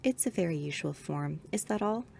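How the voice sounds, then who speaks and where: A woman voicing a curt, uneasy elderly husband who speaks tersely and slowly in a ghost story reading. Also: on the low side, lively intonation, gravelly, darkish tone, slight background noise.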